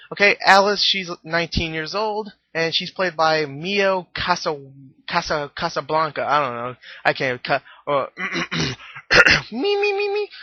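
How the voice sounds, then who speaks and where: A man's voice: a little high, dry recording, lo-fi sound. A man giving a casual, rambling film review, joking and laughing at his own jokes. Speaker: movie reviewer.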